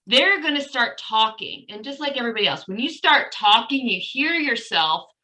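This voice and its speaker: A woman's voice: fairly high pitch, lively intonation, moderate pace, pushed and bright, poor audio. A woman educator giving a conversational webinar presentation, chatty and informal with light humor.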